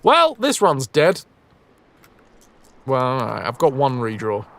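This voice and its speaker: A man's voice: mid-range voice, huge pitch swings, slow pace, creaky, a bit bright. A man streaming a video game, chatting casually with his viewers, reading their messages aloud and swearing freely. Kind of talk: casual live-stream chat.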